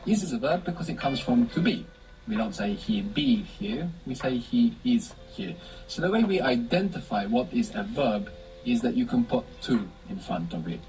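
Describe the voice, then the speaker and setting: A man's voice: medium pitch, sing-song, normal speed, a little mellow, slight background noise, low-quality recording. A man teaching a language lesson, patiently explaining step by step and prompting his student with questions.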